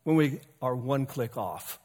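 A man's voice: medium pitch, lively intonation, measured pace, darkish tone, slightly rough. Folksy preaching man in a reverberant hall. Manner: folksy and conversational, with humor and asides to the congregation. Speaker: pastor. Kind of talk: sermon. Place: church sanctuary.

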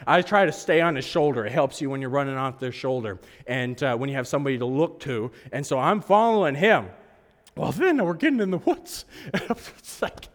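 A hoarse man preaching a sermon, telling a story in an animated, self-mocking way and laughing often. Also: medium pitch, normal speed. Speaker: pastor. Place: church service hall. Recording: echoey hall reverb.

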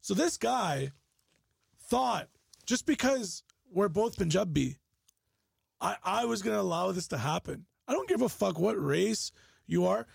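A man's voice: sits high, lively intonation, a little slow, gravelly, husky, dry recording, studio quality. A man on a casual podcast panel, telling a long story with lots of swearing and insisting on finishing it.

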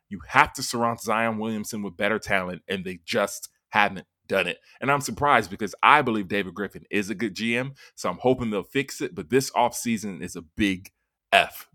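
A man hosting a sports podcast in casual chat, emphatic and quick to laugh. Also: on the low side, no room sound, clean studio sound. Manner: animated, emphatic, laughs easily.

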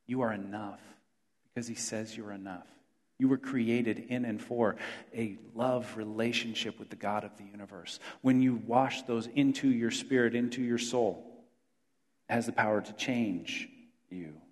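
Male pastor, mid pitch, earnest sermon delivery with swells and hushed drops, long hall echo. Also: steady tone, measured pace. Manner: earnest, building to emphatic declarations then dropping soft.

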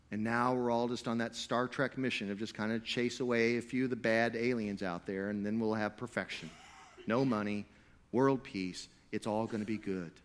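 A male pastor delivering a lively sermon at a middle pitch. He rises to loud, pressing emphasis and then drops to low, quiet asides. He plays with his listeners and keeps it jokey. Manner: animated preaching, swinging between loud emphatic stretches and low quiet asides; playful, jokey with the crowd. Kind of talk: sermon to a live congregation.

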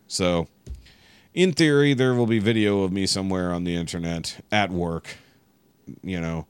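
A man with a very low voice tells a long, exasperated story on a podcast, cursing constantly as he goes. The sound is dry and close, with no room around it. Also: smooth, dry recording. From Texas. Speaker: podcast guest. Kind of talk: casual chat.

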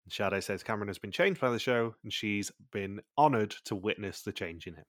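A man co-hosts a podcast, running through plot recaps in long, blunt stretches and swearing freely. His voice sits on the low side. The recording is dry and close, with no room sound. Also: lively intonation, fairly quick, a bit bright, no room sound. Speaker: podcast co-host. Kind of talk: casual chat recapping a TV show.

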